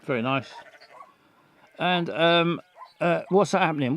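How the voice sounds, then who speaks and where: A man's voice: fairly high pitch, animated, a little fast, creaky, a little hiss or hum. A man doing a mock street interview outdoors, firing blunt, stammering questions. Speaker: comedy interviewer. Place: outdoors in a field.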